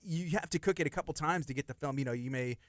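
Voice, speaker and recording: A man hosting a casual radio chat, easygoing and quick to laugh, reading out listener comments. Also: a little high, no echo, studio quality. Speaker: radio host.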